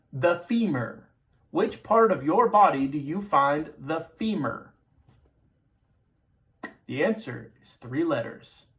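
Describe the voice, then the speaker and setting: Man, thirties, trivia show host, playful asides, slow delivery, slightly high voice. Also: fairly bright tone. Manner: playful, jokey asides, repeats questions. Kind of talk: hosting a live trivia quiz.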